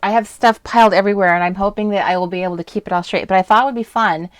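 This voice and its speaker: A woman's voice: mid-range voice, rapid-fire, no echo. A woman from the US West Coast hosting a casual crafting live stream, talking in a chatty, rambling way and laughing often. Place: indoors at a home craft desk. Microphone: desk webcam setup.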